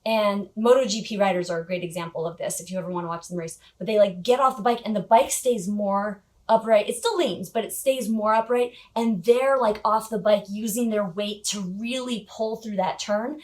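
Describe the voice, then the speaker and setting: A woman's voice: medium pitch, moderate pace, few pauses, a little mellow. A woman vlogger telling a personal story in a casual, chatty way, with frequent little laughs and filler words. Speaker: motorcycle gear vlogger.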